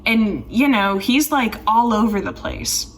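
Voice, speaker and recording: A woman's voice: on the high side, unhurried, far from the mic, slight background noise. A young woman rambling through a casual film review, full of "like" and sarcastic asides. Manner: chatty, rambling, heavy use of "like", sarcastic asides. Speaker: film commentary YouTuber.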